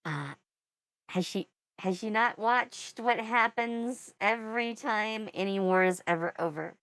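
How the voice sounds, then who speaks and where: A woman's voice: mid-range voice, unhurried, fairly bright tone, dry recording. A woman in her forties giving casual reaction commentary as a VTuber, with wry, rambling asides.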